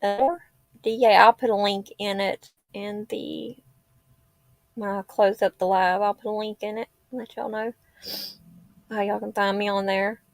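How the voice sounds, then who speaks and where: A woman's voice: medium pitch, level tone, unhurried, creaky, no room sound. A woman, rambling and heartfelt in a tearful casual livestream chat. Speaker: livestream host. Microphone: laptop or phone mic.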